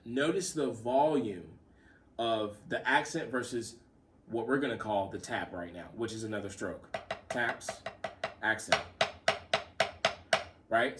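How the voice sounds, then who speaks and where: A man's voice: medium pitch, measured pace, pauses often, distant mic, noisy background. A man giving a casual drum lesson, calling out the sticking and explaining as he plays. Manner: relaxed, repeats himself, counts stickings aloud. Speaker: drum teacher. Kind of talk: casual spoken lesson with demonstrations.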